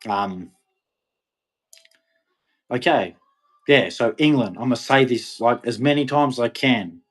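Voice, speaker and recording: A man delivering an impassioned, ranting monologue to camera, with sudden loud, emphatic rises. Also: medium pitch, unhurried, breathy edge. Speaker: vlogger.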